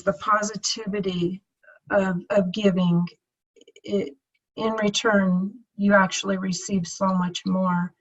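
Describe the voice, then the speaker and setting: Woman, fifties, motivational team talk, unhurried, emotional, muffled lo-fi recording. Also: medium pitch. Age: 50s. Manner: earnest, repeats herself, near tears. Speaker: team leader giving a coaching talk. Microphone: screen-share video recording.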